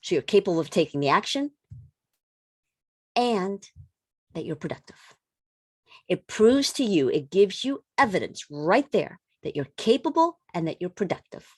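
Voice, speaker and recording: Animated woman coach, dry close sound. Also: mid-range voice, moderate pace, long pauses, breathy edge, no echo. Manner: animated, repeats words, playful interjections. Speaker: holistic coach. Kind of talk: casual motivational talk.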